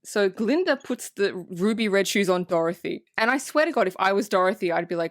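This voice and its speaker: Animated, foul-mouthed woman podcaster. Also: mid-range voice, brisk, few pauses, no room sound, clean studio sound. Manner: animated, swears freely, laughs often. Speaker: podcast co-host. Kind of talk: casual movie-review chat.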